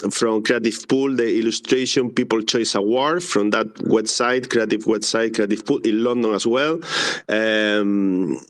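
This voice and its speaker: A man from Spain in his thirties, speaking English with a Spanish accent, full of restarts, as the guest artist in a live interview. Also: mid-range voice. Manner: halting non-native English with many restarts.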